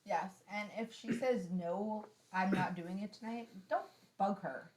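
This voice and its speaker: A woman's voice: medium pitch, unhurried, a little mellow, slight background noise. A woman hosting a casual podcast chat, frank and blunt, laughing often. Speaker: podcast host.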